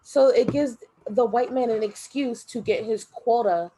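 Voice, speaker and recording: A woman co-hosting a podcast, chatting casually with quick, teasing retorts. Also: fairly high pitch, noisy background. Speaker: podcast co-host. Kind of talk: casual chat.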